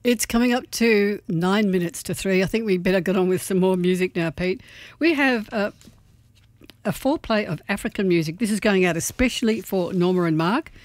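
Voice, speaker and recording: A woman's voice: mid-range voice, brisk, no room sound. A woman presenting community radio, chatting casually with fillers and hesitations.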